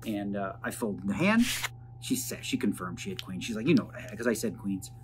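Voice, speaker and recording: A man with a lowish voice talks fairly quickly, his pitch rising and falling widely. He's a poker vlogger narrating casually, rambling through hand breakdowns thick with jargon. The background is noisy.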